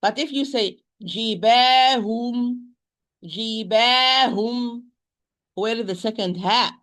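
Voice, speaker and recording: Bright-voiced woman teaching Quran recitation. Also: mid-range voice. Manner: slow, drawn-out demonstration of sounds. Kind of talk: spoken lesson with recited examples.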